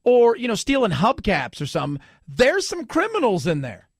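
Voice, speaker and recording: A man hosting a talk radio show, sarcastic and animated, acting out the people he talks about in funny voices. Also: sits high, normal speed, husky, no room sound, studio quality. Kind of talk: talk radio commentary with live ad read.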